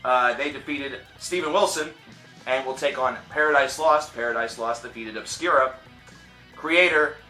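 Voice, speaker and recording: Upbeat chatty man, bright echoey voice. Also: mid-range voice. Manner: upbeat, chatty, quick asides. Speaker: channel host. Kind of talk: casual vlog presentation. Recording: echoey room with faint music.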